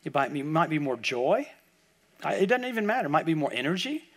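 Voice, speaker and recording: An older man delivers a sermon in a fairly high voice, telling stories and acting out what people said. He repeats words as he goes and often drops to soft, hushed tones. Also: sing-song, a little fast. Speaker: guest preacher. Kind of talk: sermon storytelling.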